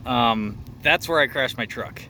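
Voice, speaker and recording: A man's voice: medium pitch, unhurried, sharp tone. Casual young male vlogger, winded from hiking, chuckles through the story, outdoors with faint noise. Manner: laughs often while telling the story. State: out of breath from hiking. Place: outdoors on a rocky trail.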